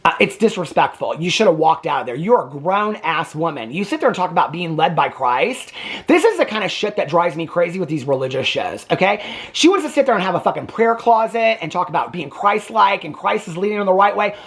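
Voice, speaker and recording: Very animated and brisk, a man with a high, fairly bright voice hosts a reality TV reaction video. He swears freely and rants indignantly while commenting casually.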